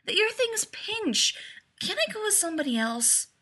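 A woman's voice: mid-range voice, animated, moderate pace, fairly bright tone. A woman voicing a grown man who whines and pleads about his costume in a storybook reading. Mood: whiny. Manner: whining, pleading.

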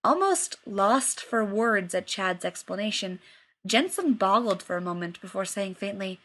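A woman reading fiction aloud with expressive storytelling. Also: mid-range voice, normal speed. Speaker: reader.

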